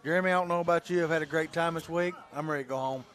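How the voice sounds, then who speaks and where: A man's voice: on the high side, fairly even intonation, very fast, a bit bright. A joking man commentator chatting after a game, outdoors. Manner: jokey, laughing. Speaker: broadcast commentator. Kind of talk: casual postgame chat.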